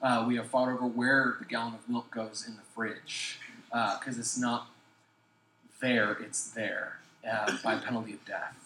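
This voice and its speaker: A man's voice: mid-range voice, little pitch movement, a little slow, pushed and bright, roomy sound, a little hiss or hum, low-quality recording. A young adult man, a pastor, telling a funny story in a sermon, acting out quotes and laughing as he goes.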